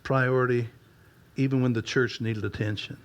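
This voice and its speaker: An older man and pastor giving a storytelling talk at a leadership conference, folksy and self-deprecating with gentle humor. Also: mid-range voice, fairly even intonation, normal speed.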